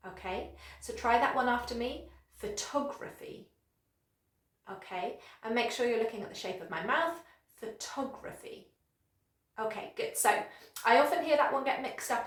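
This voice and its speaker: Cheerful woman teacher modelling words slowly. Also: a little high, echoey room. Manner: slow, exaggerated modelling of words with encouraging praise. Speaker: English teacher. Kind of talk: pronunciation lesson to camera.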